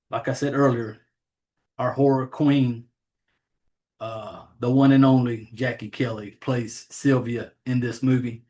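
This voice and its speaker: A man's voice: mid-range voice, a little mellow. A man with a Southern accent hosting a horror podcast, chatting casually and rambling, and making fun of himself for botching names. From Southern United States. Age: adult, has a child. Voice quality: rambling, profane, self-deprecating about names. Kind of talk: casual chat.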